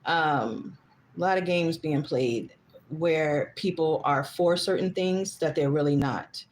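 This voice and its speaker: Chatty woman livestreaming, low-pitched. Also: takes it slowly, slight background noise. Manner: chatty, rambling, reads comments aloud; gets heated and emphatic. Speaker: livestream host. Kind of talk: casual livestream monologue.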